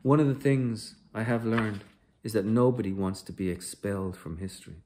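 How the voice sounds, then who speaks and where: A man's voice: on the low side, close to an everyday voice. A man reading as a weary detained traveller. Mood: calm. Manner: calm, quiet, measured answers. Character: weary, patient male traveller under interrogation.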